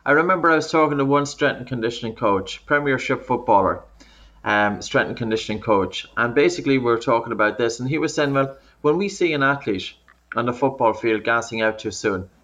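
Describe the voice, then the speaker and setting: A man's voice: mid-range voice, brisk, a bit bright. A man working as a breathing coach, patiently explaining in an interview over a remote call, often restarting his sentences. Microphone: remote call audio.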